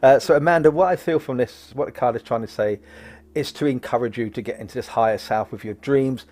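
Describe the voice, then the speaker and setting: A man doing casual card readings for viewers, chatty and prone to wandering off into jokes. His voice sits at an ordinary middle pitch, and he talks in a loose, friendly ramble. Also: fairly quick, darkish tone. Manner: rambling, jokey, goes off on tangents. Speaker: psychic card reader, host.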